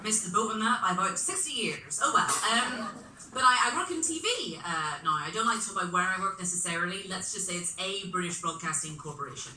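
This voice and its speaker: A woman's voice: medium pitch, expressive, a little fast, heavy background noise. A woman with a middle-class Belfast accent performing a live stand-up set on a club stage, wry and self-mocking with punchy delivery. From Belfast, Northern Ireland. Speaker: stand-up comedian. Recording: echoey club room from far off.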